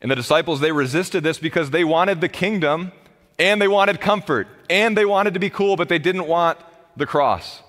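A man in his thirties preaching a sermon as pastor, impassioned, rising to loud pleas and dropping to low, quiet emphasis. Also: moderate pace. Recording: long hall reverb.

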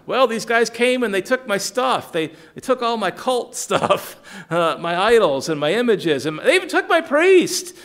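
A preacher slips into a wronged man's voice, high and whining as he protests that his handmade gods were stolen. The complaint comes out loud and indignant, swinging up and down in pitch. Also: sing-song, moderate pace, hardly any pauses. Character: aggrieved man robbed of his idols, whiny.

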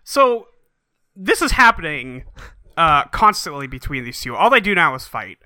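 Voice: mid-range voice, big pitch swings, normal speed, sharp tone, no echo. A co-host in a casual book discussion who trades dry, swearing quips. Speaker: podcast co-host.

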